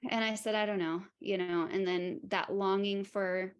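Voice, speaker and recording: A woman's voice: mid-range voice, fairly even intonation, moderate pace, clear, resonant tone. A woman speaking as a podcast guest, telling a personal story openly and frankly, laughing at herself and acting out what other people said.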